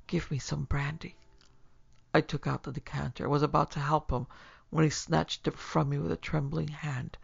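A man narrating a story in a steady, measured reading voice, with a gravelly quality. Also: fairly high pitch. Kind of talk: scripted audiobook narration. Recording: slightly muffled with faint music.

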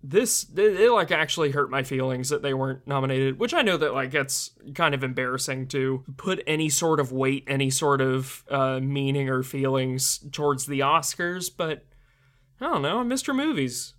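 A man's voice: mid-range voice, moderate pace, fairly bright tone. A young man reviewing a film in casual commentary, rambling with many fillers and laughs.

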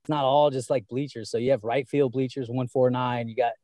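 A man's voice: medium pitch, steady tone, fairly quick, mellow, no room sound. A man talking casually as a fan guest, rambling with many fillers and restarts. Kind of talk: casual conversation.

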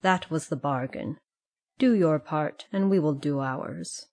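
Woman voicing a stern, slow-spoken schoolmaster. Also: deep voice, darkish tone. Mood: firm. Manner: slow, firm and measured. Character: stern fatherly male schoolmaster. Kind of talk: audiobook character reading.

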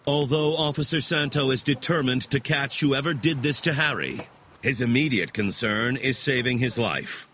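A man narrating a true-crime podcast from a script, dropping low on ominous phrases. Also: moderate pace, bright, forceful tone, slight background noise. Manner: dramatic, with deep drops on ominous phrases. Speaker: narrator and host.

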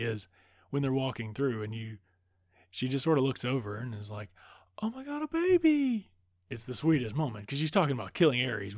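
A man's voice: mid-range voice, dry recording, studio quality. A man casually retelling a film's plot with enthusiasm and plenty of swearing. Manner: loose, profane, enthusiastic retelling. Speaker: film recap host. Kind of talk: casual film recap.

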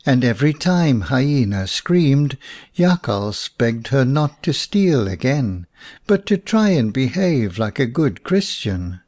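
A man narrating a folk tale audiobook in a slow, expressive storytelling voice. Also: medium pitch, no room sound.

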